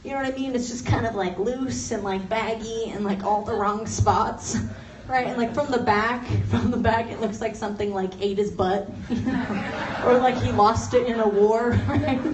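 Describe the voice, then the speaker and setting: A woman's voice: a little high, fairly even intonation, moderate pace. A young woman from Los Angeles doing a stand-up comedy set, chatty and self-mocking, laughing through her lines. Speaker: stand-up comic. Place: office turned into a comedy venue. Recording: roomy office space, mic at a distance, noisy.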